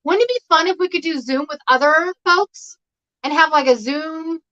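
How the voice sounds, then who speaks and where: A woman's voice: high voice, moderate pace, sharp tone. A woman talking casually as a guest on a home livestream, rambling and laughing often over a video call. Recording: dull lo-fi stream audio.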